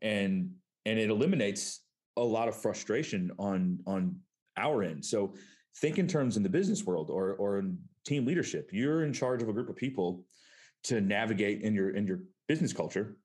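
A man's voice: lowish voice, animated, normal speed, darkish tone. A man talking in a casual conversation, earnest and reflective as he explains his point.

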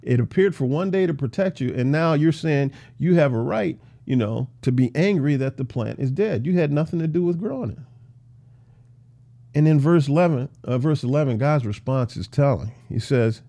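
A man teaching through a Bible passage in a casual, animated way, acting out the characters' lines. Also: medium pitch, moderate pace, vocal fry. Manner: animated, voices biblical characters, laughs often.

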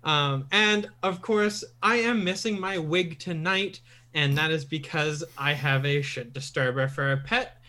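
A laid-back player chatting casually at a tabletop game stream, a bit halting with repeated words, a man by the page. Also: on the high side, bright, forceful tone. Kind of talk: casual chat.

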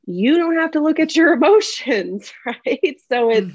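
A woman's voice: high voice, animated, measured pace, darkish tone, no room sound, muffled recording. A woman guest on a podcast sharing her story in a heartfelt, emphatic way, laughing often. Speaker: podcast guest, empowerment coach.

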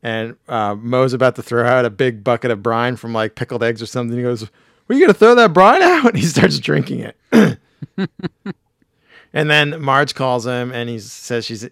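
A man with a hoarse, failing voice, casually recapping a cartoon episode with laughs and restarts. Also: mid-range voice, normal speed, a bit bright, no echo, clean studio sound. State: hoarse, losing his voice. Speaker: podcast host. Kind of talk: casual chat.

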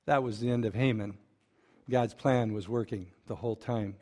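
A man preaching a sermon, retelling a story with lively asides to the congregation. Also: lowish voice, moderate pace. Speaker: pastor.

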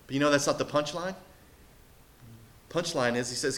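A man preaching a sermon as pastor, telling a story in an animated way. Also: fairly high pitch, normal speed, pauses often. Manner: animated storytelling, acting out quoted voices.

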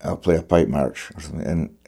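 A man's voice: a bass voice, fairly even intonation, fast talker, creaky, warm tone, husky. A male fiddler in conversation, talking thoughtfully and searching for his words as he describes how he plays. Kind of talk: conversational reflection on music.

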